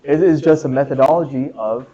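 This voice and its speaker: Brisk and mellow in a mid-range voice, a young presenter runs a club workshop in a classroom with an informal, jokey lecture. He asks the room questions and says "right?" often, and the audio is dull.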